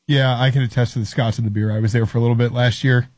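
A young adult man, an intern, chatting casually in a halting way that repeats words. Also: medium pitch, steady tone, darkish tone, dry recording, studio quality. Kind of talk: casual chat.

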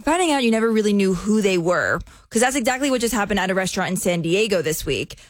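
A woman's voice: mid-range voice, no echo, clean studio sound. Giggly woman radio co-host. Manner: giggly, self-deprecating. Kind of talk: morning radio banter and news story.

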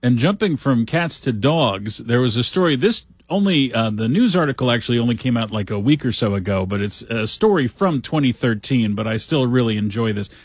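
A man's voice: mid-range voice, expressive, brisk, few pauses, husky, no room sound. A man hosting a talk show, reading news stories aloud with wry, sarcastic asides in a casual commentary style.

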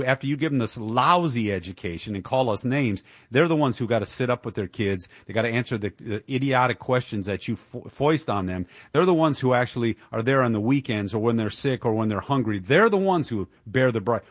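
Male talk radio host, mid-pitched, indignant and emphatic, dry studio sound. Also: dry recording. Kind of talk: opinionated political commentary.

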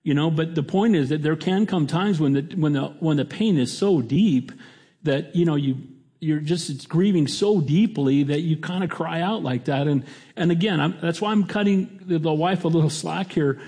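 A man's voice: on the high side, normal speed, mellow, breathy edge. A middle-aged male pastor preaching a sermon in a conversational way, often restarting his sentences.

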